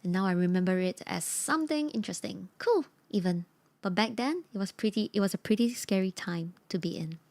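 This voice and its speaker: A woman streamer with a hoarse, croaky voice, chatting casually and reacting expressively to horror stories, quick to laugh and repeating her exclamations. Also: medium pitch, expressive, no room sound. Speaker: streamer hosting a story night. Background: soft ambient music.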